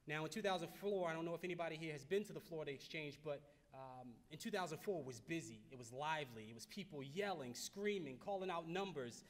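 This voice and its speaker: A fairly high-pitched man in his thirties, from Baltimore, delivers a motivational keynote. He speaks earnestly, repeating phrases for emphasis and stumbling into restarts. His voice rings out with a long reverb in a large banquet hall. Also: fast talker, few pauses. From Baltimore, United States.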